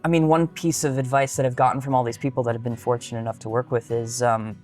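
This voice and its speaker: A man in his twenties, a singer-songwriter guest, answering interview questions in an easygoing, grateful way with quick restarts. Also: medium pitch, flat delivery, a little mellow, faint music behind. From Canada. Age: 20s.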